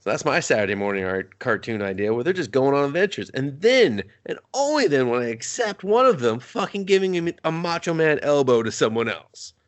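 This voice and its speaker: A man co-hosting a movie review podcast, talking in a rambling, excitable way with lots of swearing and acted-out quotes. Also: medium pitch, fairly quick, hardly any pauses. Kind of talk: casual profane movie chat.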